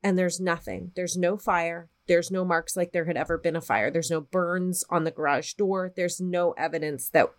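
Woman podcast co-host, slightly low voice, chatty and foul-mouthed storyteller. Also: normal speed, hardly any pauses. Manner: profane, animated retelling of a spooky story. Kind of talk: casual storytelling.

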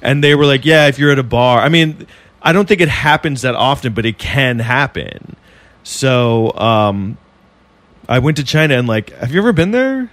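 A man tells a story in loose, filler-packed chat, cursing freely as he goes. His voice sits at an ordinary middle pitch. The sound is dry and close. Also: animated, normal speed, a bit bright, dry recording. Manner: rambling, filler-heavy, profane storytelling. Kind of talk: casual podcast chat.

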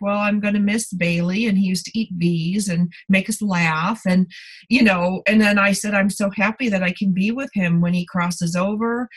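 A woman's voice: mid-range voice, poor audio. A middle-aged woman, a guest in a podcast conversation, candidly telling personal stories with plenty of fillers. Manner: candid storytelling, many fillers and restarts.

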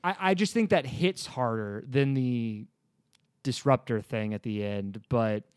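A man hosting a casual movie review chat, talking in a relaxed, rambling way and laughing often. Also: mid-range voice, measured pace, clean tone, dry recording, clean studio sound. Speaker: podcast host.

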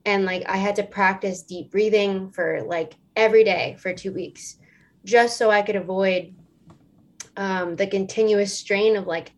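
A woman's voice: mid-range voice, fairly even intonation, a little slow. A woman in her late twenties, a singer, telling a story in casual interview chat, rambling and filling it with "like" and "um". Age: late 20s. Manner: chatty, rambling storytelling full of "like" and "um". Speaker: singer and stage performer guest.

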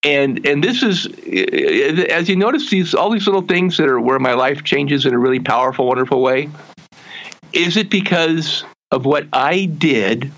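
A man, a guest in an interview, telling his life story earnestly and haltingly, with frequent restarts and slowing down to stress his message. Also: a little high, animated, fairly bright tone, dull audio.

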